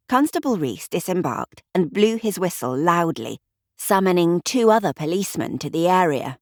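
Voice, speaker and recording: A woman narrating a mystery audiobook with expressive storytelling. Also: on the low side, normal speed, no room sound, clean studio sound.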